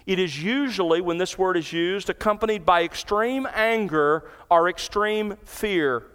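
A man's voice: high-pitched, a little slow, a bit bright, clear, resonant tone, big-room sound. A man preaching a sermon as pastor, explaining scripture verse by verse with earnest emphasis in a large church. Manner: earnest expository preaching, cites scripture references.

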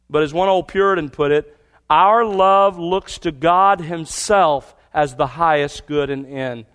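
Emphatic preaching man, fairly high voice. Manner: emphatic preaching, repeats key words, drops to quiet asides. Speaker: pastor. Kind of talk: sermon.

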